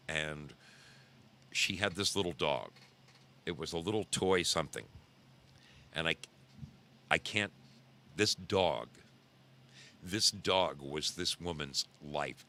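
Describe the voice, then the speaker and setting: A middle-aged man hosting a podcast, telling a story casually in a low voice, rambling and repeating himself for emphasis. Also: bright, forceful tone, slight background noise. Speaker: podcast host.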